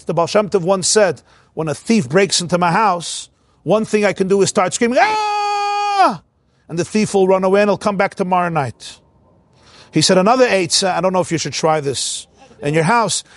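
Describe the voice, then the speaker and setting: Delivering a spoken Torah lesson, a high-voiced man teaches with lively animation and slips into the voices of those he quotes. The recording is dry and close, with no room sound and no echo.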